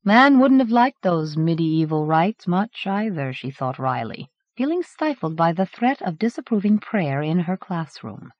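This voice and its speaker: A woman's voice: fairly low pitch, measured pace, hardly any pauses, dry recording. A woman narrating a horror novel as an audiobook, from a dull 1980s cassette recording. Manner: expressive storytelling. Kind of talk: scripted narration.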